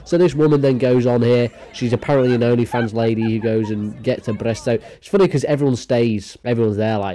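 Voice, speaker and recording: A man's voice: medium pitch, fairly quick, few pauses, warm tone. A man YouTuber giving crude, sarcastic reaction commentary.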